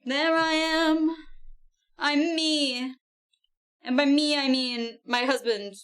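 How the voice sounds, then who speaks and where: A woman streaming a game live, chatting casually, giggling often and gushing excitedly while rambling to herself. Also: sits high, slow.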